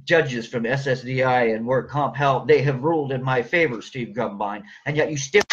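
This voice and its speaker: A man's voice: medium pitch, moderate pace. A middle-aged man in a heated, profane, rambling monologue rant as a vlogger. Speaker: vlogger, injured worker. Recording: dull lo-fi recording.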